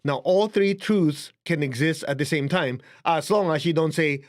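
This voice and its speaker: A man with a Chinese accent teaches in a loose, conversational way, his voice sitting a little higher than most men's. He chuckles lightly as he explains things, like a spiritual teacher talking to a class. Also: moderate pace, hardly any pauses. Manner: conversational, chuckling, shows a book to camera. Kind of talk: casual teaching talk to camera.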